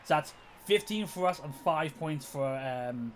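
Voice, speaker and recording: A man's voice: fairly high pitch, lively intonation, measured pace, slight background noise. A man streaming a racing management game, chatting casually and thinking aloud with restarts and chuckles. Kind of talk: casual gameplay commentary.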